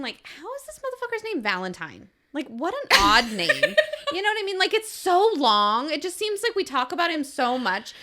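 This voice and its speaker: High, bright, giggly woman co-host. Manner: giggly, loose and joking. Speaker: podcast co-host. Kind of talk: casual book-club chat.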